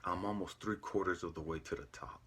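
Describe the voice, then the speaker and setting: A man telling an earnest, emotional personal story as a father, often dropping his voice to a hushed whisper. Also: low voice, steady tone, brisk, breathy edge.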